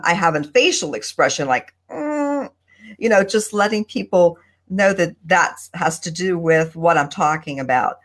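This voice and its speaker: A woman on a video call at her desk, chatting on a panel and giving tips in a thoughtful, pausing way. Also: lowish voice. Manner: thoughtful, deliberate, with pauses. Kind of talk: casual panel chat. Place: home desk.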